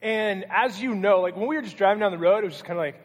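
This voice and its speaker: A young man giving a youth sermon in a loose, joking, rambling way. His voice sits high for a man. The hall adds a long reverb. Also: quick pace. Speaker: youth pastor.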